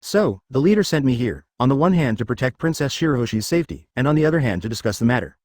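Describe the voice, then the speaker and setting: A man's voice: mid-range voice, sing-song, quick pace, a little mellow, no room sound. A man reading the part of a solemn young revolutionary officer in a fan-fiction audiobook, speaking seriously and urgently.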